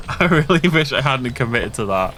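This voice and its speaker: A man's voice: mid-range voice, very animated, moderate pace, pushed and bright, slight background noise. A man giving casual gameplay commentary, joking and poking fun at himself. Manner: joking, self-mocking. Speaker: let's play gamer.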